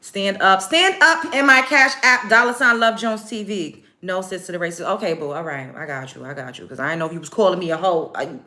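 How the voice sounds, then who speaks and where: Brash, profane woman with a bright voice. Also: fairly low pitch, a little fast. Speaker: livestream host. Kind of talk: casual livestream chat reading comments. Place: home, doing makeup on camera.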